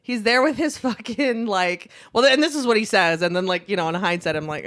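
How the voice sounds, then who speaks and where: A woman's voice: mid-range voice, a little fast, hardly any pauses, a bit bright. A young woman co-hosting a podcast, telling a vacation story in a rambling, casual way, with lots of swearing, fillers and laughs. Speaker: podcast co-host.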